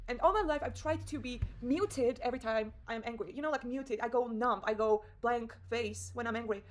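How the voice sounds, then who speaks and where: A woman's voice: fairly high pitch, brisk, few pauses, a little hiss or hum, poor audio. Candid young woman telling a story. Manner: candid, emotional storytelling with frequent swearing and fillers. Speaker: vlogger. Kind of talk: casual confessional vlog.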